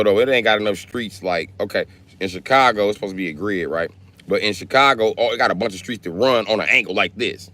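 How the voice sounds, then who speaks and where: A man talks in a deep, low register. He streams live and jokes with his viewers in a brash, profane, trash-talking way. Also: a little fast, pushed and bright. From Milwaukee, Wisconsin. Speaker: livestreamer. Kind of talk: casual live-stream chat.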